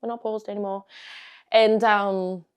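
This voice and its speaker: A young woman recounts events straight to camera in a loose storytime. Her pitch sits right in the middle, and she swears without pause, laughs often and lurches between loud bursts and hushed asides. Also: flat delivery, smooth, lo-fi sound. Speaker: vlogger. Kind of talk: casual storytime monologue.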